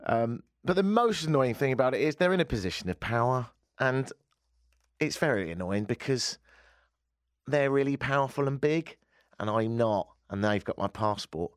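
A man's voice: mid-range voice, lively intonation, normal speed, clear, resonant tone, no echo. A man from the United Kingdom hosting a casual radio chat show, full of wry, self-mocking sarcastic asides, recorded in a studio. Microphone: studio microphone.

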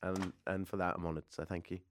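A man's voice: sits low, flat delivery, fast talker, heavy background noise. A British man in his forties hosting a radio show, chatting in a rambling, self-mocking way. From Britain. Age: 40s. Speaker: radio host. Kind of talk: casual radio monologue.

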